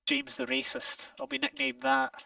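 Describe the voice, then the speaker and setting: A man's voice: very high voice, monotone, moderate pace, gravelly, sharp tone, no room sound, far from the mic, rough recording. A Scottish man chatting casually while playing a game, rambling and correcting himself, laughing often. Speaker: game player. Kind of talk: casual gameplay chat.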